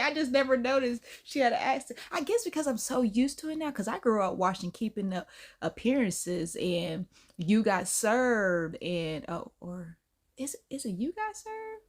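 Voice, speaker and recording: Lively, chatty woman reacting. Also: a little high, moderate pace. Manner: chatty and animated, laughs and exclaims often. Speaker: reaction video host. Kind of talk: casual reaction commentary.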